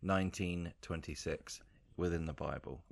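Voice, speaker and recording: Young guy with a really low voice doing mock sermon jokes on a podcast, dry. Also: steady tone, normal speed, creaky, dry recording. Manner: mock-preachy joking. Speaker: podcast co-host. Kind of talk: casual comedic chat.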